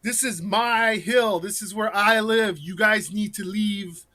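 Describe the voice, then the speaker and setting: A man putting on a Southern US accent to play a territorial, zombie-hunting woodsman vigilante who yells warnings at people. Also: sits high, unhurried, pitched above the performer's own voice. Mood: scolding. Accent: put-on Southern US. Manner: yelling, bossy warnings.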